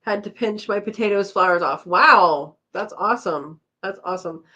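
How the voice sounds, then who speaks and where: A woman's voice: mid-range voice, moderate pace, bright, forceful tone. Tired, chatty woman hosting a live chat. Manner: chatty, laughs often, tired, reads comments aloud. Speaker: livestream host reading viewer comments. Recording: slightly dull lo-fi audio.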